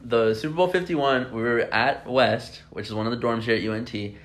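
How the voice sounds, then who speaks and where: A young man hosting a podcast, telling excitable, swear-filled stories in casual chat. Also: mid-range voice, brisk. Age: young adult. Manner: excitable storytelling, swears freely. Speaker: podcast host.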